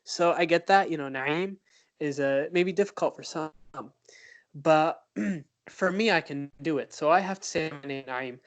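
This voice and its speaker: Man, podcast co-host, casual chat, slightly high pitch, halting and reflective. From United States. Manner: thoughtful, halting with many fillers and restarts.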